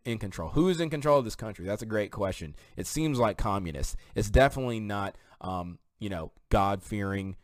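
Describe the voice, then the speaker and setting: An indignant man reads articles aloud and breaks off into rambling asides of casual commentary. His voice sits on the low side and is recorded dry and close. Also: no room sound. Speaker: political commentator.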